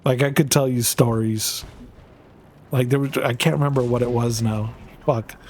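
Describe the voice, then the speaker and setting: A man's voice: medium pitch, fairly even intonation, normal speed, darkish tone. A man chatting casually on a stream, rambling through stories, laughing and swearing freely. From North America. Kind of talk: casual chat while streaming.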